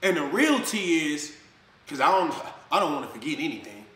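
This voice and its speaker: Guy with a high voice calling someone out, slangy and heated, echoey room. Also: very animated, normal speed, a bit bright. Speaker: social media personality. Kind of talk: confrontational rant to the camera.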